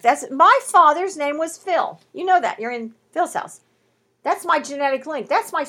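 A woman's voice: fairly high pitch, fairly bright tone, slightly rough. A woman teaching the Bible at home, reading scripture aloud and pressing her points with emphatic rhetorical questions and stretched key words.

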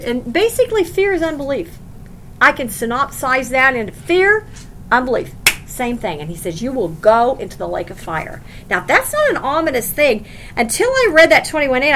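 A woman's voice: high voice, fairly bright tone, a little hiss or hum. A woman teaching a Bible lesson as a sermon, reading scripture aloud and driving her points home by repeating them, with conversational asides. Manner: emphatic, repeats phrases for stress, reads scripture aloud.

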